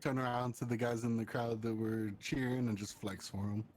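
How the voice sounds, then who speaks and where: A man playing in an online tabletop game, calmly describing his character's moves. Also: medium pitch, moderate pace. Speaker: player.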